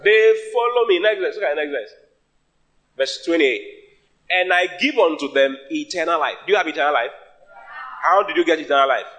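A man preaching a sermon in English, which is not his first language; he is emphatic and his voice jumps up in sudden high bursts. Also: sharp tone. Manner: sings a hymn line at the start.

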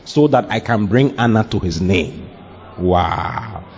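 Guy preaching, voice jumps all over, laughs and shouts a lot, muffled lo-fi sound. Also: low voice, slow, vocal fry. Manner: animated, laughing, mimics voices, breaks into shouts. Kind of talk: lively sermon. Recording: dull lo-fi recording.

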